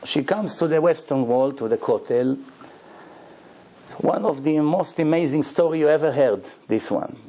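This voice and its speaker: Man, rabbi, storytelling lecture, gravelly, dark tone, broken English, acts out the dialogue. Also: on the high side, moderate pace. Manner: animated storyteller acting out dialogue; broken, non-native-sounding English grammar.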